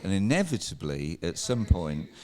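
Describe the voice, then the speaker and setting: Male guest from England, low register, animated rambling storyteller, swears freely. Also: moderate pace. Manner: rambling, swearing, laughs while telling stories. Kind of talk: casual bar chat, storytelling.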